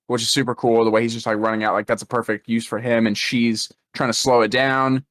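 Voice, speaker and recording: A man's voice: mid-range voice, little pitch movement, brisk, a bit bright, no echo. Man rambling through a movie recap. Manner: rambling, lots of fillers and restarts. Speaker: podcast co-host. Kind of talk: casual movie-recap chat.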